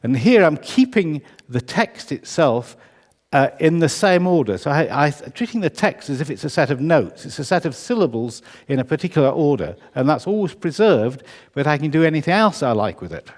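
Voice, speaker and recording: A man's voice: on the high side, very animated, moderate pace. Wry man lecturing in a reverberant hall. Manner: conversational, wry, self-correcting. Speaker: composer giving a lecture. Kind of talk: public lecture. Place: concert hall.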